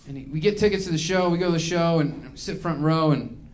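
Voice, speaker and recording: A man's voice: fairly high pitch, brisk. A male stand-up comedian performing a set on stage, ranting in a mock-angry way.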